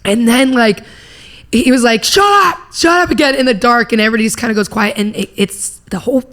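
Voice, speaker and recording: A woman's voice: a little high, fast talker. A young woman from Indiana, a comedian telling stories in casual chat and acting out the people in them. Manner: animated storytelling with acted-out quotes. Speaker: comedian guest.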